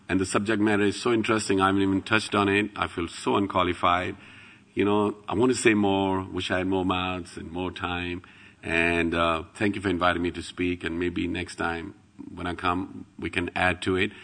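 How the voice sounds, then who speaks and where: Guy giving a temple talk, bright forceful voice, kinda low, acts out all the quotes. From England. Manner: lively storytelling, acts out quoted voices, rises to loud chanting. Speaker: temple speaker. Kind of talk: devotional talk with anecdotes.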